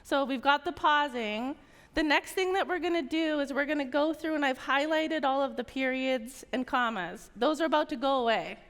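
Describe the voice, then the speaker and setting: A woman's voice: sits high, moderate pace, fairly bright tone. A woman sales trainer giving a casual stage talk at a large conference, coaching the audience and checking in with them. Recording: long hall reverb.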